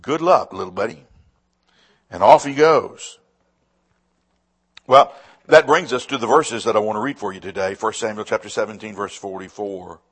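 A man preaching a sermon as pastor, swinging between loud emphatic lines and hushed, quiet ones. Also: on the low side, moderate pace.

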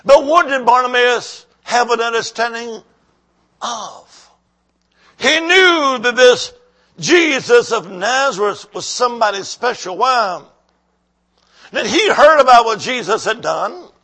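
A man's voice: very high-pitched, expressive, slow, sharp tone. A man preacher delivering a sermon, rhythmic and repetitive, calling out to the congregation. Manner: rhythmic, repeating phrases, calls to the congregation.

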